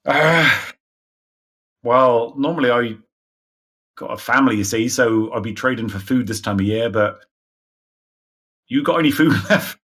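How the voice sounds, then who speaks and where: A man's voice: mid-range voice, unhurried, pauses often, fairly bright tone, slightly rough. A man voicing a humble male trader who bargains politely to feed his family. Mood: hopeful. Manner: deferential, wheedling, calls others madam.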